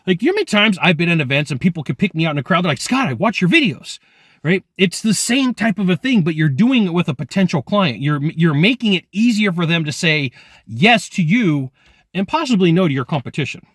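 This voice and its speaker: A man giving energetic direct-to-camera sales training, emphatic and animated, acting out people's reactions as he talks. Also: high-pitched, no room sound, clean studio sound.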